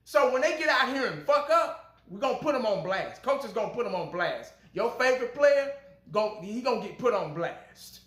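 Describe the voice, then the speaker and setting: A high-pitched, bright-toned man hosts casual fan commentary. He talks bluntly and profanely, getting fired up. The sound carries an echoey room around him. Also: sing-song, normal speed. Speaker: fan channel host.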